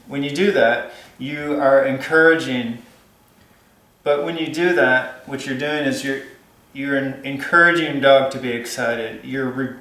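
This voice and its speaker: A man's voice: mid-range voice, fairly bright tone, echoey room, poor audio. A man giving dog-training advice in a casual, rambling way, with many fillers and restarts.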